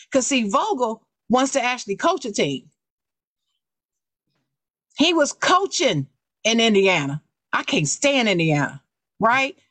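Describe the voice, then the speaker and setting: A woman's voice: medium pitch, dry recording. A woman co-hosting a podcast, giving an emphatic, fired-up opinion rant. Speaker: co-host.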